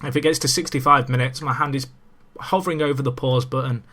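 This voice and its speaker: Speaking fast at a medium pitch, this young man provides relaxed let's-play commentary through a desk mic. He's a gaming commentator who is talkative, easily excited, and quick to poke fun at himself.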